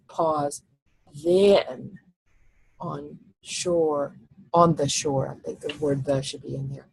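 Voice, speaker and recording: A woman teacher giving a recorded slide lecture, explaining step by step and thinking aloud, slowing down when she reads lines of verse. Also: low-pitched, steady tone, vocal fry, breathy edge, rough recording.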